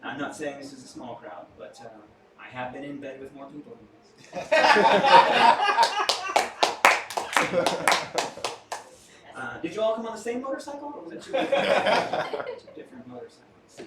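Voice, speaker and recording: A man's voice: on the high side, very animated, unhurried, pauses often. Man, stage mentalist, playful theatrical patter, captured from a distance, live room chatter behind. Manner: playful, theatrical, jokey asides to the crowd. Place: small restaurant venue with live audience. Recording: echoey room, far from mic, audience noise.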